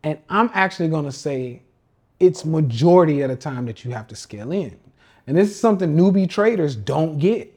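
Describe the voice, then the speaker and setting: A man's voice: on the high side, dark tone, husky. A man hosting a casual livestream rant as a trading coach, slangy and emphatic, often repeating himself. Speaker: podcast host and trading coach.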